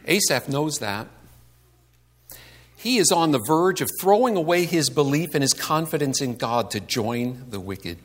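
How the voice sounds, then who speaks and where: A man's voice: fairly high pitch, expressive, unhurried. A man giving a conversational sermon to a congregation, asking rhetorical questions and acting out the complaints he quotes. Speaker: pastor.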